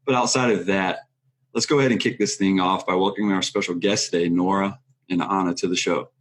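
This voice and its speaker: A man hosts a casual podcast interview. His voice sits on the low side. He talks loosely, with plenty of ums and restarts along the way. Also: steady tone, a little fast. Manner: loose, filler-heavy, self-correcting. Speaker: podcast host.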